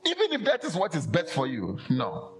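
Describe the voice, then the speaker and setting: A man preaching a lively sermon, acting out quoted voices and laughing often. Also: fairly high pitch, normal speed, a little hiss or hum.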